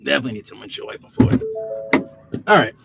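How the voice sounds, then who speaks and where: Animated New York man chatting from his car. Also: medium pitch, fast talker, vocal fry, muffled recording, loud music behind the voice. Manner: chatty, reads chat aloud, animated outbursts. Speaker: live-streaming driver. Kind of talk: casual live-stream chat while driving. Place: inside a car.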